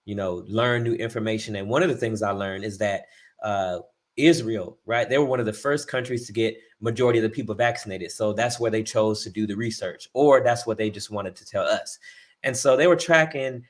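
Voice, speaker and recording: A man's voice: on the low side, fairly quick. Guy hosting a podcast, laid back, explains stuff, lots of ums. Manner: explanatory, thinks aloud with fillers. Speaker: co-host. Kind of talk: casual podcast chat.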